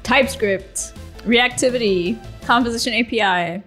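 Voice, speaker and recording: A woman on a tech podcast panel who answers quickly with a wry edge. The talk is casual. Faint music plays behind her. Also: on the high side, a bit bright.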